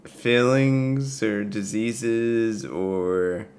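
Slow, gravelly man chatting. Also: lowish voice, fairly even intonation, darkish tone. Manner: hesitant, full of laughs and self-corrections. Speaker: podcast co-host. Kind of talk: casual chat about music.

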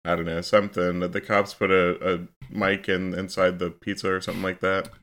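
A man with a lowish, smooth and clear voice walks through a movie's plot on a casual podcast. He talks steadily, scene by scene, with easy fillers. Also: level tone, a little fast, a bit bright. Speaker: podcast co-host.

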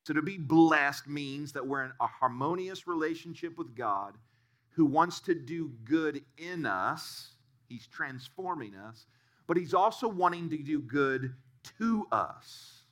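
A man's voice: a little high, expressive, a little slow, fairly bright tone. A male pastor giving a sermon and telling stories in an earnest way. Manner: storytelling, earnest.

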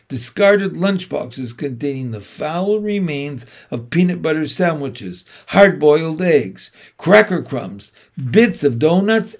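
A man's voice: fairly high pitch, a little mellow. A man reading aloud and voicing an old sheep who persuasively lists treats at length. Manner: listing things at length, persuasive.

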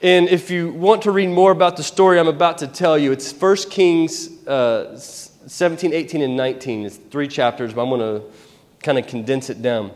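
A man preaching a sermon, retelling a Bible story in an animated, conversational way with asides. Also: on the high side, moderate pace, big-room sound.

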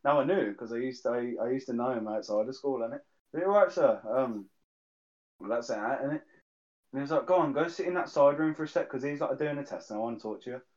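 The recording is dull and lo-fi. A young guest who grew up with the host tells school stories in a relaxed chat, doing voices for the people he quotes and swearing liberally, speaking fast in a mid-range, darkish voice.

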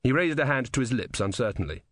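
A man narrating an audiobook with expressive storytelling. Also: mid-range voice, fast, no echo, clean studio sound. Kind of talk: scripted narration.

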